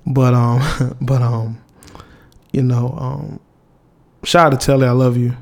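Young guy rambling to his viewers, candid, lots of slang and restarts, mid-pitched voice. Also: steady tone, slow, vocal fry, pauses often, darkish tone. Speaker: vlogger. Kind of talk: casual heartfelt monologue to viewers.

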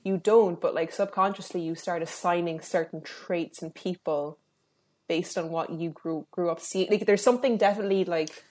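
A woman's voice: fairly low pitch, steady tone, normal speed, darkish tone. A woman co-hosting a podcast, chatty and rambling, swearing casually. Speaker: podcast co-host.

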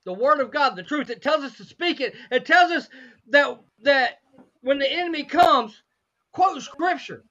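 A hoarse woman with a cracking voice leads a fervent Bible study, repeating phrases and asking rhetorical questions. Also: sits high, expressive, measured pace, a bit bright, lo-fi sound.

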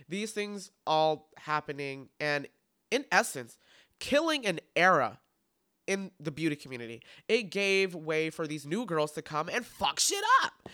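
Sassy, bright-voiced young podcast host. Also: male voice, fairly high pitch, smooth. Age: 20s. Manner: sassy, campy, profane. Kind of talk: solo podcast monologue.

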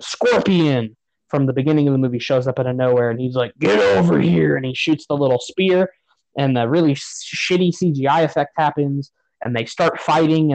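A man's voice: mid-range voice, darkish tone, dry recording, poor audio. A man on a podcast giving a profane, sarcastic rant about a movie in casual chat. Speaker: podcast host.

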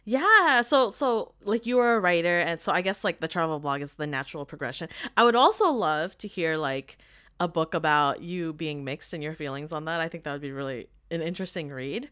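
A woman hosting a casual interview, chatty and quick to giggle. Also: sits low, clear, resonant tone. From North America. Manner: giggly, animated. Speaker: host.

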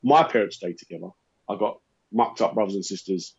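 Male comic host, husky and animated, muffled podcast recording. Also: fairly low pitch, fairly quick. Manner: animated, acts out quoted voices in anecdotes. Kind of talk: casual comic storytelling. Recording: dull, slightly lo-fi podcast audio.

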